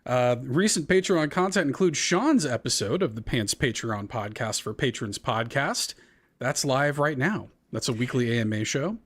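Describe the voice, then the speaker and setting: A man's voice: medium pitch, animated, normal speed. A man co-hosting a casual gaming podcast, rambling with fillers and restarts. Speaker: podcast co-host. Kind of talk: casual chat.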